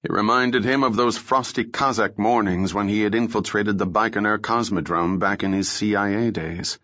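Low-voiced male audiobook narrator. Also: no room sound, lo-fi sound. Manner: steady, measured storytelling. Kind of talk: scripted narration of a thriller novel.

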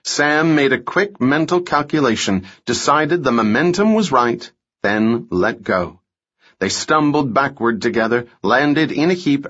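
A man reads a thriller aloud in a steady, measured way, as an audiobook narrator. His voice sits at a middling pitch, and the recording is dull and lo-fi. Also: breathy edge. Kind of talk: scripted narration.

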